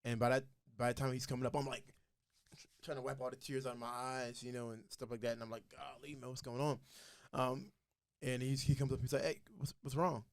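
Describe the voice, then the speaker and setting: A young man recounts his story with earnest, animated energy, jumping in and out of the voices of the people he describes. His voice sits in an ordinary middle register. It is recorded close and dry, with no room sound. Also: mid-range voice, quick pace, smooth, no room sound. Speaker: podcast guest. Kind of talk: casual storytelling testimony.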